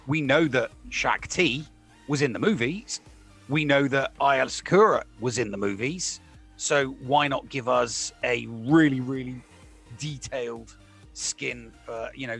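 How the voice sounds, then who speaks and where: Man, gravelly voice, hesitant, casual gaming talk, faint music behind. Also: medium pitch, measured pace, fairly bright tone. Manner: hesitant, many fillers and restarts. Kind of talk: casual chat.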